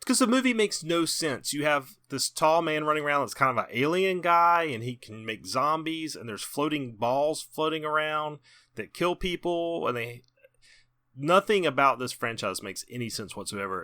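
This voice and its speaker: Bright, enthusiastic male podcast co-host. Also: on the high side, lively intonation, normal speed, no echo, clean studio sound. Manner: enthusiastic, emphatic. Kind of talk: casual chat.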